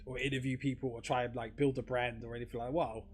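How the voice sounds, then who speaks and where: A man's voice: medium pitch, little pitch movement, fast talker. A man talking casually to camera in a rambling, filler-heavy monologue, swearing freely. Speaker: crypto vlogger.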